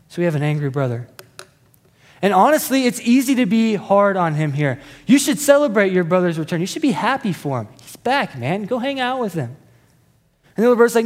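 A man, a pastor, preaching a sermon in a conversational, animated storytelling manner. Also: high voice, normal speed, big-room sound.

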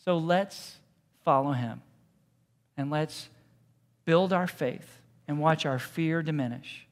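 A man preaching a sermon as pastor, talking casually and with humor, then softening to quiet, hushed repetitions. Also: a little high, slow. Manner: conversational, joking preaching that drops to soft, hushed repetitions. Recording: long reverb in a large hall.

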